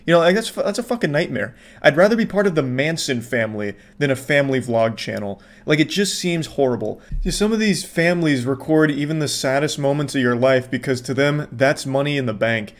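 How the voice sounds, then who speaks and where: Deadpan sardonic male commentator. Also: mid-range voice. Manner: deadpan, sardonic, swears freely. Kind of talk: sarcastic reaction commentary.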